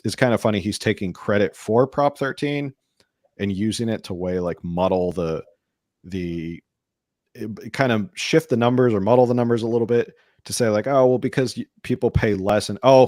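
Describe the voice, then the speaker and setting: Podcast co-host, man with a very low voice, rambling casual delivery, dry close sound. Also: a little mellow, no room sound. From California. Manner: rambling, many restarts and fillers. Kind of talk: casual political chat.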